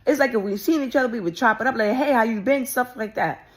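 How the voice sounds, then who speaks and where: A woman telling a personal story in a rapid, intense way, restarting often and swearing. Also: a little high. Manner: intense and emotional.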